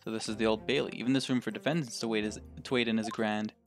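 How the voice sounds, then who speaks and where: A man voicing an anxious young Japanese lawyer, speaking low and earnest. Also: steady tone, quick pace, soft background music, lightly acted. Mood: tense. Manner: quiet, tense, earnest.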